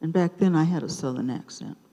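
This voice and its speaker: A woman in her seventies telling a personal story at an open mic night in a theater, taking her time with dramatic pauses between short phrases. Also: low-pitched, dark tone. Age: 70s. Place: theater stage. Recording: reverberant live theater sound.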